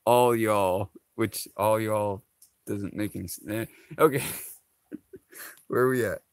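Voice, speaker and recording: Slow, low-voiced man rambling casually. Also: dry recording. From Hawaii. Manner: laughs often, rambling with many fillers. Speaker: vlogger. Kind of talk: casual chat to camera.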